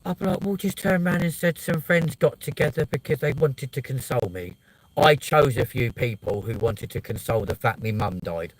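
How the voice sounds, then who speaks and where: A man's voice: medium pitch, normal speed, no room sound, poor audio. A man ranting casually and bluntly, swearing a lot as he tells a story. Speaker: vlogger.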